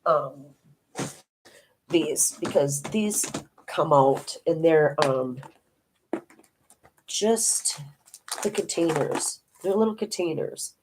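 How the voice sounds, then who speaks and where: Older lady with a real low voice, just rambling away about her crafts and her family, homey and chatty. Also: lively intonation, drawn-out words, long pauses, background noise. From Minnesota. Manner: rambling, homey storytelling with many restarts. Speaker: diamond painting vlogger. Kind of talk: casual chat to viewers.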